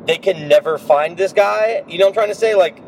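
A man co-hosting a casual podcast, recapping a film in an animated, insistent way and swearing now and then. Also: high voice, fairly quick, slight background noise, low-quality recording. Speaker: podcast co-host.

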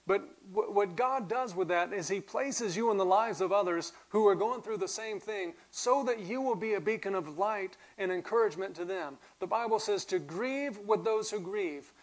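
A man's voice: sits high, moderate pace, hardly any pauses, rough recording. A man giving a sermon as pastor, earnest and building to emphatic peaks. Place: church sanctuary. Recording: clear music underneath. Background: soft guitar music.

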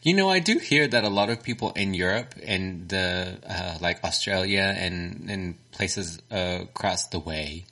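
A Texan man co-hosting a casual chat, animated and quick to laugh and react. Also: deep voice. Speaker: podcast co-host.

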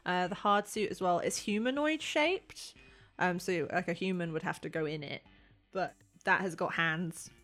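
A woman's voice: fairly low pitch, moderate pace, a bit bright, faint music behind. A woman narrating as game master of a tabletop role-playing game, in a loose, chatty way full of fillers.

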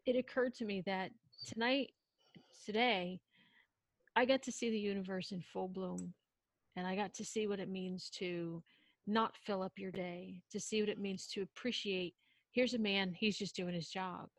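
A woman recounts a story in a loose, conversational way, jumping into quoted lines and cutting herself off mid-thought. Her voice sits at an ordinary middle pitch. The recording is dry and close, with no room sound. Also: moderate pace, dry recording. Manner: animated, acts out quotes, self-interrupting. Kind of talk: casual storytelling.

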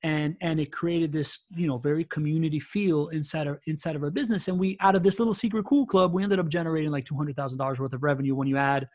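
A man guesting on a podcast, telling stories in an animated, casual way full of fillers and "right?" tags. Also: on the high side, fast talker, hardly any pauses, no room sound. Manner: animated, filler-heavy, keeps asking "right?". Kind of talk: casual interview storytelling.

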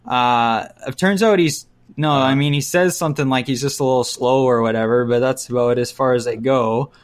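A man talking in a casual, relaxed chat with a middle-pitched voice. He rants bluntly, piles on his complaints and breaks into quick mimicked voices as he goes. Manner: ranting, blunt, mimics voices mid-story. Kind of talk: casual chat reviewing movies.

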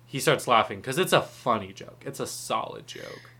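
A man's voice: medium pitch, expressive, normal speed, bright, forceful tone, husky. A man in casual chat recapping a film, joking, swearing and acting out quotes. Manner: profane, joking, acts out quotes.

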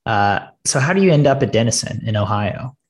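A man's voice: lowish voice, lively intonation, a little fast, a little hiss or hum. A man interviewing a coach for a podcast, laughing often and framing questions for listeners. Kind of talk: casual interview.

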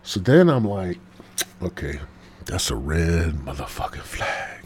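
A man's voice: low voice, very animated, unhurried, slight background noise. A man hosting a podcast, telling a rambling, profane story full of fillers and dropping into whispers. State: smoking while talking, coughing. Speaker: podcast host. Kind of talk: casual storytelling monologue.

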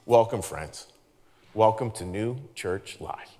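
A man's voice: fairly low pitch, slow, dark tone. A man preaching a sermon as pastor. He talks earnestly and conversationally, often restarting his sentences. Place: large church hall. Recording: reverberant church hall.

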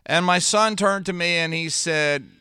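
A middle-aged man hosting a solo podcast in a trained broadcaster's voice, speaking earnestly and with long dramatic pauses. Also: on the high side, bright, forceful tone, smooth, no echo, clean studio sound. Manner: slow deliberate delivery with dramatic pauses; earnest, heartfelt. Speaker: podcast host.

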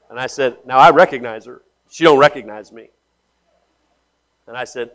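A man preaching a sermon as pastor, blunt and slangy, swinging between hushed asides and loud emphasis as he tells stories. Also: mid-range voice, normal speed. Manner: blunt, slangy, calls listeners man and guys.

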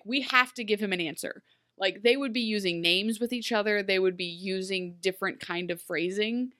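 A woman in easy conversation, breaking down a TV episode with a co-host. She talks in a lively, rambling way, full of fillers and quick asides. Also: mid-range voice. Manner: animated, lots of "like" and quick asides. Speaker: podcast co-host. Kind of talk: casual TV recap chat.

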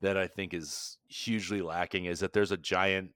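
Low-voiced man in casual podcast chat. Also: steady tone, moderate pace, fairly bright tone, clean tone, no room sound, studio quality. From United States.

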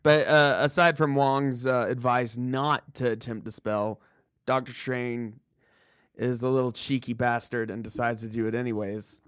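A man's voice: medium pitch, level tone, a little slow, a bit bright, smooth, no echo, clean studio sound. A man co-hosting a podcast, talking casually and laughing often. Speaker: podcast co-host. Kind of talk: casual chat.

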